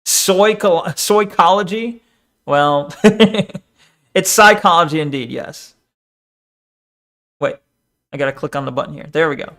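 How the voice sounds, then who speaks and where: A man's voice: fairly high pitch, a little slow, pauses often, sharp tone. Rambling young-sounding man streaming. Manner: rambling, talks over the video, frequent fillers. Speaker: streamer reacting to a video. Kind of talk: casual live-stream commentary.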